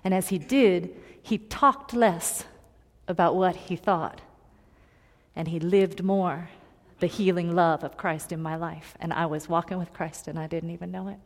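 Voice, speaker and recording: A woman preaching a personal story in a sermon, earnest and confiding, moving between loud emphasis and hushed tones. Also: on the low side, steady tone, measured pace. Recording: long hall reverb.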